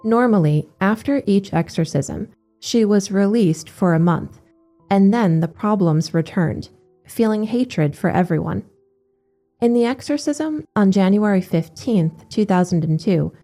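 A woman giving a steady, measured scripted narration of religious accounts. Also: medium pitch, faint music behind.

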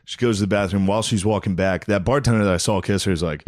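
A man with a lowish voice telling a wild bar story in loose, profane chat. He laughs through his lines and recorded dry and close. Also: fast talker, no echo. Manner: animated storyteller, laughs often, swears freely.

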